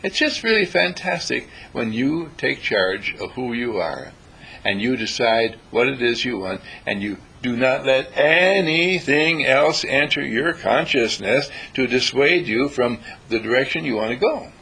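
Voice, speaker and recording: A man giving a motivational talk, animated and acting out little dialogues in changing voices. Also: mid-range voice, unhurried, husky, low-quality recording. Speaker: inspirational speaker.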